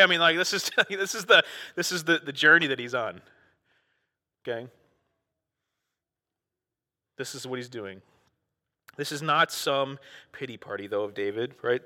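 A man preaching a sermon in a casual, conversational way, acting out quoted prayers with a rising, excited voice. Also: on the high side, fairly quick, long reverb tail. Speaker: pastor.

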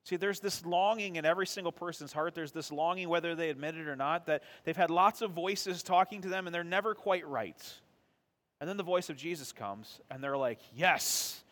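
A man's voice: a little high, a little fast, fairly bright tone. A man pastor preaching a sermon in a conversational way, asking the congregation questions and answering them himself.

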